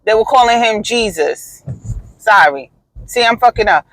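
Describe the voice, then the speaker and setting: A woman's voice: on the high side, animated, moderate pace, fairly bright tone, poor audio. A woman hosting a podcast, talking in a casual, blunt and profane way, with emphatic storytelling. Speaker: podcast host.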